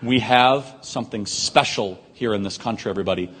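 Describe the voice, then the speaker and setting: Guy hosting a q&a in a big hall, talks super fast, bit husky, lots of reverb. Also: lowish voice. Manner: rapid-fire, forceful, rhetorical questions. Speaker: event host answering audience questions. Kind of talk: emphatic speech to a live audience.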